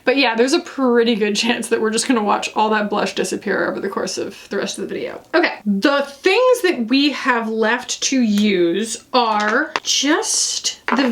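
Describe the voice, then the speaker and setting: A chatty woman from Florida talks through her makeup routine in a relaxed vlog. Her voice sits a little high, and her easy, rambling delivery is full of fillers and playful asides. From Florida, USA. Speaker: beauty reviewer. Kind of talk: casual makeup vlog chat.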